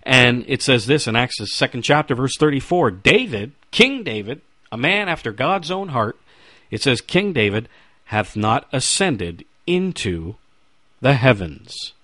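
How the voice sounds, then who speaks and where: A middle-aged man delivers a radio sermon, pressing his points with rhetorical questions and quoted scripture. His voice swings widely in pitch, animated and insistent. The sound is dry and close, with no room echo. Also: a little slow. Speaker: radio preacher.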